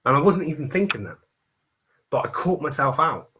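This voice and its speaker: A man's voice: a little high, very animated, normal speed, bright, forceful tone, a little hiss or hum. A man coaching on mindset in a live stream talk, emphatic and repetitive as he preaches self-affirmation.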